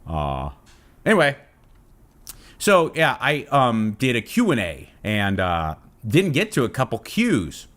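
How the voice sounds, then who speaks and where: A man's voice: mid-range voice, wildly swooping pitch, takes it slowly, fairly bright tone. A man from Southern California hosting his own channel, chatting casually to camera and rambling off on tangents. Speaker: fitness channel host.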